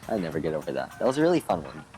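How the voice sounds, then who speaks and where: A man with a very deep voice reads game dialogue aloud, doing every character himself. He drifts into chatty side comments. Game music plays under him. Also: sing-song, rapid-fire, mellow. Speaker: let's play gamer reading dialogue aloud. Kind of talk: reading game dialogue with casual asides.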